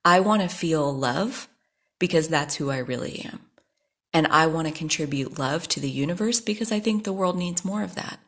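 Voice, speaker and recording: A woman's voice: sits low, normal speed, fairly bright tone. A woman hosting a podcast, talking frankly and at length about her life, swearing freely when angry. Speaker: podcast host. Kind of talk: personal monologue.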